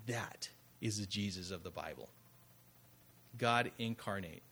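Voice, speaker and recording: A man's voice: on the low side, unhurried, bright, forceful tone, slightly rough. A man preaching a sermon in a conversational way, often asking rhetorical questions. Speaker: pastor.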